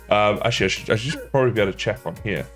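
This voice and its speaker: An Englishman whose speech has a slight Australian tinge chats casually and rambles to viewers while playing a game on a livestream. His voice is lowish and a bit bright.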